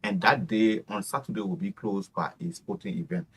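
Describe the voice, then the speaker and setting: Low-voiced man on the radio, lots of uh and um, slow to get going. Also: expressive, creaky, breathy edge. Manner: halting, many fillers. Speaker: bar association representative. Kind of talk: radio interview. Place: radio studio.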